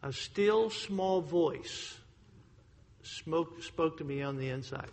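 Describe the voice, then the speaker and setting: A man preaching a sermon to a congregation, telling a personal story emphatically, swinging between loud outbursts and hushed lines. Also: on the high side, takes it slowly, gravelly. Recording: long hall reverb.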